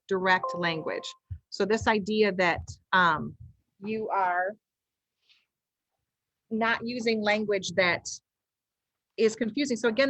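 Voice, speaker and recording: A woman's voice: mid-range voice, fairly bright tone, no room sound, rough recording. Woman giving a casual training webinar. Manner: explanatory, repeats and restarts phrases, frequent ums. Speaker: webinar presenter on child discipline.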